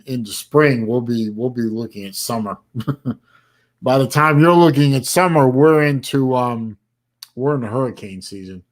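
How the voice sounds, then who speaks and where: An older man from Florida hosting a casual livestream, rambling with many fillers and sounding tired. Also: mid-range voice. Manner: tired, yawning. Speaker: livestream host. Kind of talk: casual live-stream chat.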